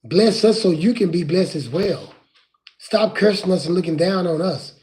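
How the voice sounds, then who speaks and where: A man preaching from scripture in an impassioned way, rising at times to crying shouts. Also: high-pitched, lively intonation, normal speed.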